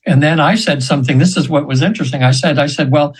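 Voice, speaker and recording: A man in his seventies, a hypnosis practitioner, telling stories in a chatty, rambling way with laughs and quick high voices for the people he quotes. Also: breathy edge, poor audio. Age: 70s. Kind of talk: storytelling in an interview.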